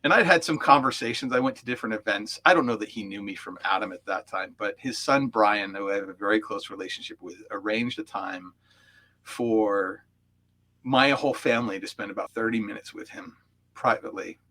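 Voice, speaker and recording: Bright-voiced man telling a heartfelt story. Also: fairly low pitch, brisk. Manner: heartfelt, reflective, with frequent fillers. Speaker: coach, interview guest. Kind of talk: storytelling in an interview.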